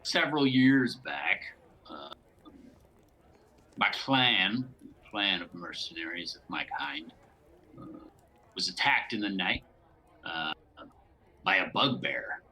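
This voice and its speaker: A man voicing a big tattooed male warrior mercenary in a tabletop game, telling his story slowly and plainly. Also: sits low, big pitch swings, sharp tone, voice pushed down, full character voice.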